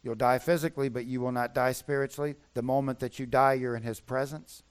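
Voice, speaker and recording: A man's voice: mid-range voice, steady tone, a little fast, clear, resonant tone. A man preaching a sermon as pastor, emphatic and repeating his key points.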